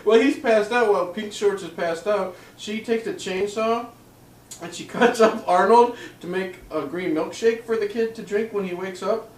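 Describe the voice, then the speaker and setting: A man's voice: high voice, normal speed, reverberant, distant mic, poor audio. A man chatting casually while reviewing a movie, laughing often as he recaps scenes. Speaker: co-host.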